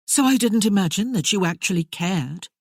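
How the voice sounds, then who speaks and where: A woman's voice: mid-range voice, animated, normal speed, breathy edge, dry recording, studio quality, voice pushed up. A woman playing a flippant, poised young widow. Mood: earnest. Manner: light, airy and dismissive.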